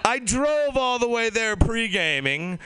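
A man's voice: very high voice, sing-song, unhurried, sharp tone. A man doing stand-up comedy in an offhand way, swearing casually. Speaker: stand-up comic.

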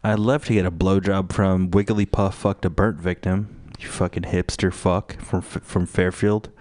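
A man's voice: sits low, level tone, unhurried, darkish tone, no room sound, clean studio sound. A man hosting a radio show, ranting in a profane, rambling, mocking way full of fillers. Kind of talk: crude rambling radio rant.

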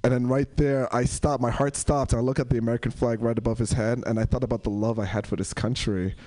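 A young man doing stand-up, telling stories and acting out characters in a high voice. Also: fast. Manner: animated, acts out characters in a high voice. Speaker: stand-up comedian. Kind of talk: stand-up storytelling.

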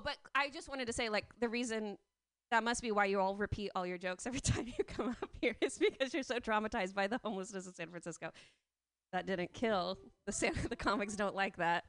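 A woman with a high, bright voice works through a stand-up set on a small comedy stage. She keeps interrupting herself and wandering off track. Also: clear, resonant tone. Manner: scattered, self-interrupting, giggly. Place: comedy open mic stage.

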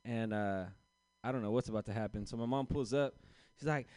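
A young man performs an open-mic stand-up set in a clear, resonant, lowish voice that is steady, brisk, and mellow, captured as a dry recording. His self-mocking story unfolds loosely as he impersonates the characters involved.

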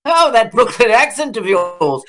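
A fawning, sing-song film director coos and pleads in a voice pitched far above normal speech, as a man puts him on. The coaxing goes up and down in big swoops. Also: very animated, measured pace, bright, forceful tone, full character voice. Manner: high-pitched wheedling impression.

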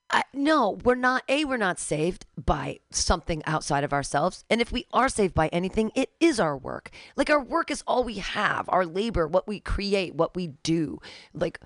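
A woman in her forties co-hosting a casual radio talk show, sardonic and quick to leap into high mocking tones. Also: no room sound, studio quality. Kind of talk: casual chat.

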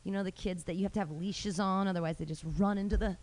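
A young woman doing stand-up as host of a small live comedy night. She talks in a loose, rambling, brash way, mocking herself, with lots of fillers and restarts, at a middling pitch for a woman. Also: steady tone, fast talker, a little mellow.

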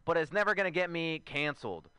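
A man's voice: a little high, animated, quick pace, sharp tone, clean tone, dry recording. A man in his twenties performing a stand-up comedy set, chatty and self-mocking, riffing with asides to the crowd. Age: 20s. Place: outdoor show.

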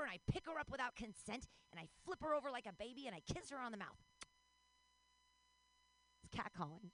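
A woman's voice: a little high, sing-song, fast talker, fairly bright tone, low-quality recording. Bawdy woman comic in her forties. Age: 40s. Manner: bawdy, self-mocking, jumps into squealing character voices. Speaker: stand-up comedian. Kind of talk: stand-up comedy set.

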